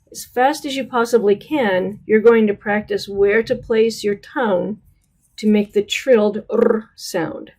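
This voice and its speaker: A woman with an American accent gives a pronunciation lesson at a very unhurried pace. She is patient and careful, drawing out each example word and often checking in with her learners. Her pitch sits in an ordinary middle range. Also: a little mellow. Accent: American English. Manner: patient, drawn-out model words, checks in with "right?". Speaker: Spanish teacher.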